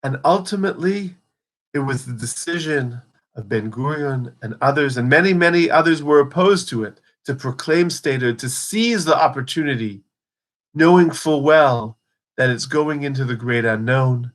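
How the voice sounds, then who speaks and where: Man, medium pitch, earnest teacher, retells stories with lively quoted lines. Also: moderate pace. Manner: earnest, storytelling, dramatizes quotes. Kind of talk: holiday teaching talk.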